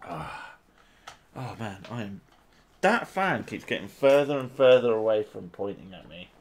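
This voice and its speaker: A man's voice: fairly low pitch, sing-song, moderate pace, a little hiss or hum. A Scottish man in his thirties chatting casually and swearing freely on a stream. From Scotland. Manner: sweary, jokey banter.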